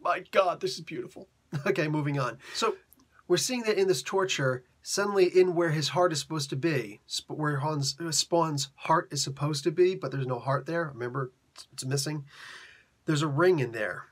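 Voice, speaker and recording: Husky man retelling a comic. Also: fairly high pitch, normal speed. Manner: chatty, slangy, laughs often. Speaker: comic book reviewer. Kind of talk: casual retelling of a comic story.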